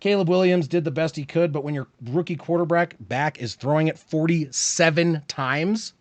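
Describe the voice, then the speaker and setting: A man calling a football game play by play on his live stream, rising with excitement on big plays and dropping to quiet muttered asides. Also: fairly high pitch, normal speed, dry recording. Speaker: streamer and sports commentator.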